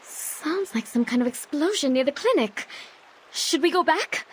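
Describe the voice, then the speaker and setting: A man voicing an anxious young woman in a game, high and urgent. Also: animated, a little slow, low-quality recording. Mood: alarmed.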